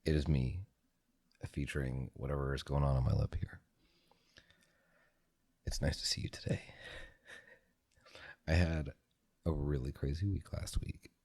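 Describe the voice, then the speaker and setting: A young man with a deep, gravelly voice drifts between soft speech and husky, breathy whispers in an ASMR ramble. He meanders through his story and corrects himself, with a dark, mellow tone and a lively lilt. Two microphones pan his voice from ear to ear. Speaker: ASMR channel host. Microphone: two microphones in stereo, ear to ear.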